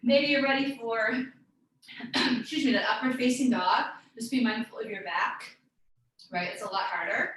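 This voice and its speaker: A woman guides a live yoga class, cueing breaths and poses and encouraging students by name. Her voice sits a little high and sounds bright. It is picked up from a distance in a very reverberant room, with faint background noise. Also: moderate pace, pauses often. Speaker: yoga instructor.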